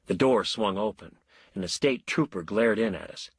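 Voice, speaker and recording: A man narrating a story in a wry, measured way. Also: on the low side, breathy edge, dry recording.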